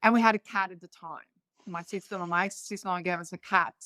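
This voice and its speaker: A woman's voice: fairly low pitch, fairly even intonation, fast, sharp tone, no room sound. A woman in her fifties speaks English with a Croatian accent and loose, non-native grammar. She wanders from one family story to the next in a casual conversation. The sound is dry and close. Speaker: guest.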